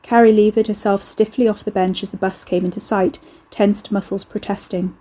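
A woman narrates a storybook in a steady, dry manner. Her voice is mellow and warm, with a soft husky edge. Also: mid-range voice, moderate pace, hardly any pauses. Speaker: audiobook narrator.

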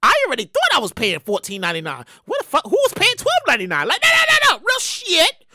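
A woman hosting her own show rants with indignant energy, her voice very high, bright and sharp, and it swings all over the place. She swears, repeats herself and keeps circling back to her point. The sound is dry and close. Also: wildly swooping pitch, fast talker, no room sound. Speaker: show host. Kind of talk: ranting commentary.

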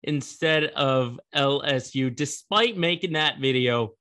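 A man's voice: medium pitch, slow, pushed and bright. A young man hosting a casual sports commentary show, chatty and rambling, laughing at the story.

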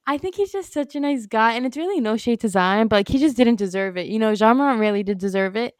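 A young woman in her twenties chats about sports on a podcast, her voice a little high and sitting close on a dry, deadened microphone. She talks loosely and laughs easily, stacking "like" between thoughts. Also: lively intonation, fast, no room sound. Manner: chatty, laughing, filler-heavy with many likes. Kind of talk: casual sports chat. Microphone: studio microphone.

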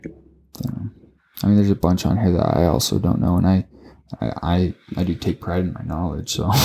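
A man co-hosting a casual sports podcast, talking excitably, swearing often and tripping over his words. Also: deep voice, moderate pace, gravelly. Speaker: podcast co-host.

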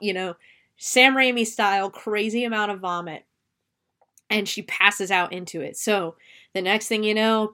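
A woman recapping a horror film in casual chat, animated and gushing, swearing freely. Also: medium pitch. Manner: excitable and gushing. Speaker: movie reviewer.

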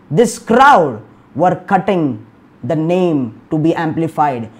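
A man preaching a sermon, often repeating himself and restarting his words, and saying "Hallelujah" and "Amen" again and again. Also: high-pitched. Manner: emphatic preaching, rising loud in bursts, with repeated "Hallelujah" and "Amen".

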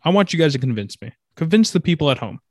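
Fast-talking young man leading the chat. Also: a little high, sing-song, a little mellow, no echo, clean studio sound. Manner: quick, steers the conversation. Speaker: podcast co-host. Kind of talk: casual chat.

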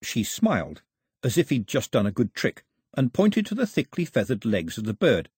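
A man narrating an audiobook in an expressive, storytelling manner on a close studio mic. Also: medium pitch, normal speed, slightly rough, no room sound. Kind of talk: scripted narration.

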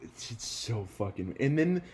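Animated young man, swearing casually. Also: mid-range voice, unhurried, a little hiss or hum. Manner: animated, swears a lot, laughs often. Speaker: podcast host. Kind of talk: casual chat.

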